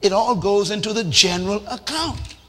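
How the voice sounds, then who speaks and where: A man preaching a sermon in a lively, animated way, acting out little scenes and shouting for emphasis. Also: high-pitched, normal speed. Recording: reverberant hall with faint noise.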